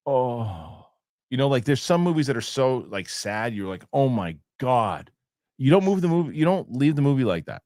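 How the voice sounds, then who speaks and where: A man's voice: medium pitch, very animated, moderate pace, darkish tone, no echo, clean studio sound. A man hosting a casual movie chat show, talking. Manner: rambling with many restarts. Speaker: host.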